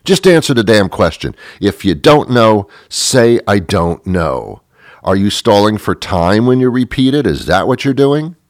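A man's voice: fairly low pitch, animated, unhurried, no echo. A man, a radio host, delivering a rambling, sarcastic, exasperated comic monologue into a close studio mic. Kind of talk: comedic monologue.

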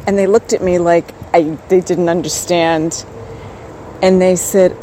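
A woman's voice: lowish voice, fairly even intonation, unhurried, dark tone, a little hiss or hum, poor audio. A woman hosting a podcast, talking in a chatty, wry and rambling way. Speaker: podcast host. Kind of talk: casual solo podcast chat.

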